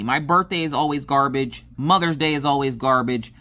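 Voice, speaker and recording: A woman's voice: low voice, fairly quick. A woman in her thirties, a crafting vlogger, casually telling a family story and acting out what everyone said. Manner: animated, acts out quoted dialogue.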